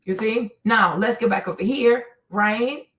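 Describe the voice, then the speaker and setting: A woman's voice: on the high side, a little slow. Emphatic woman commenting on a video. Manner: emphatic, repeats "you see" and "right"; acts out others' lines in quoted voices. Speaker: host.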